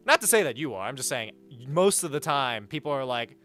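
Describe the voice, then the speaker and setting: Young male streamer, bright edgy tone, swears a lot, faint music underneath. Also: medium pitch, a little fast. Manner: animated and blunt, swears freely, rants. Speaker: livestreamer. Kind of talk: casual livestream chat, reading donations and chat aloud.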